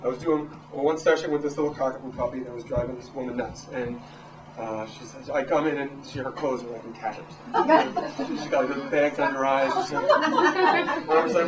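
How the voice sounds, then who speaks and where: A man in his thirties, a dog trainer, giving a casual, animated talk to a live audience. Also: on the high side, fairly quick. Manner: animated, acts out quotes in raised voices. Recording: echoey room from far off, noisy.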